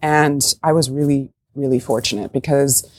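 A woman's voice: very deep voice, steady tone, moderate pace, darkish tone, dry recording. A woman in her forties, chatting and laughing often as a guest on a TV talk show in a studio. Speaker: actor guest.

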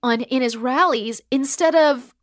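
A woman's voice: sits high, a little slow, no echo. Impassioned woman host, dry close sound. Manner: impassioned, rambling with many fillers and swearing. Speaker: podcast host. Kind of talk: casual discussion. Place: New York.

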